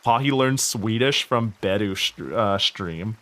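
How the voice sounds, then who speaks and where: A young man chatting casually while streaming a game, rambling and animated, laughing often and swearing freely. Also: lowish voice, unhurried. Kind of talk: casual gaming stream chat.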